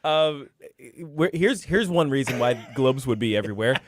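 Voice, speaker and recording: Man, morning radio host, middle-pitched voice, playful and jokey, dry studio. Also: animated, moderate pace, no echo. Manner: playful, jokey, stumbling restarts. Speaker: radio talk show host. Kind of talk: casual radio banter.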